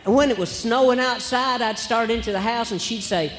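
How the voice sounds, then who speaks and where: A man from Alabama with a Southern accent, doing a stand-up comedy set in a slow, folksy drawl. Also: extremely high pitch, a bit bright. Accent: Southern American. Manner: slow folksy drawl, acts out voices in his stories. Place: church hall with a live audience. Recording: long hall reverb, faint room noise.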